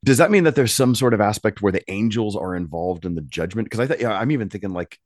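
A man co-hosting a podcast Bible study, asking questions and reading verses aloud with halting restarts. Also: on the low side, expressive, no echo, studio quality. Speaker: podcast co-host.

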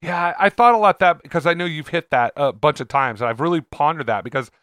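A man co-hosting a casual podcast chat, talking earnestly with halting restarts. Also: fairly high pitch, a bit bright, smooth, no room sound, studio quality. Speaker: podcast co-host.

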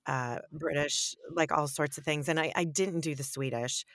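A woman with a notably low voice, answering as an audiobook narrator. She talks with animated emphasis and laughs easily. The sound is very dry and close. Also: normal speed, no room sound. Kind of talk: podcast interview answers.

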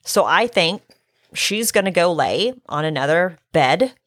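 A middle-aged woman, hoarse from illness, telling a story in casual chat, acting out her own quotes and swearing. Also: on the low side, animated, measured pace, no echo, studio quality.

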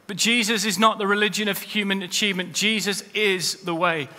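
Male pastor preaching, sharp bright voice, pitched up, church reverb trailing off. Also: fairly even intonation, brisk. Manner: preaching with rising emphasis and quoted scripture. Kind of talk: sermon. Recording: long hall reverb.

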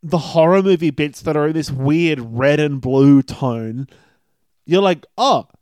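A man's voice: a little high, measured pace, dark tone, clear, resonant tone, dry recording, studio quality. Man tossing in crude jokes. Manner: joking interjections, crude sarcastic asides. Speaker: podcast co-host. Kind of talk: casual film chat.

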